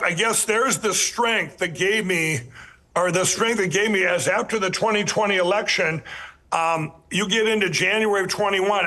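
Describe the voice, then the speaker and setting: This man's voice is high, pushed and bright as he tells his life story as a podcast guest. He's earnest and emphatic, speaking directly to listeners while rambling, restarting often and repeating words.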